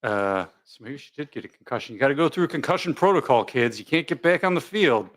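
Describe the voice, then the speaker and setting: A man's voice: medium pitch, expressive, quick pace, fairly bright tone. A man hosting a casual live commentary stream, joking, rambling, and reading viewer comments aloud.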